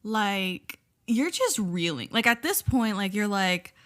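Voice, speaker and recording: A woman's voice: medium pitch, big pitch swings, slow pace, fairly bright tone. A woman hosting a podcast, chatting casually and acting out quoted reactions as she tells a story. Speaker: podcast host. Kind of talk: casual chat.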